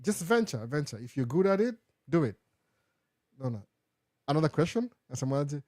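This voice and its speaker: A man's voice: a little high, big pitch swings, moderate pace, long pauses, darkish tone, no echo, studio quality. A man from Kenya, hosting a casual live Q&A, answering viewer questions and slipping Swahili phrases into his English. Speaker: host.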